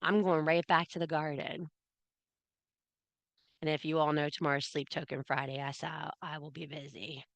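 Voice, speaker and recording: A woman's voice: low voice, flat delivery, moderate pace, gravelly, long pauses, no room sound. A woman teaching a casual spoken class on witchcraft, blunt and joking, who swears freely and laughs often.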